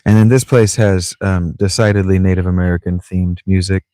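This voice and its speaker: A man casually commenting while he plays a video game, full of deadpan jokes and muttered asides. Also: low-pitched, a little fast, dry recording, studio quality. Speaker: streamer playing a video game. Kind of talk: casual let's-play commentary.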